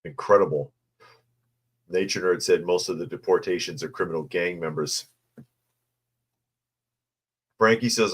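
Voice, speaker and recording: A man's voice: low voice, normal speed, slightly rough. A man hosting a casual news commentary show, reading articles and viewer chat with sarcastic, mocking asides. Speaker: host.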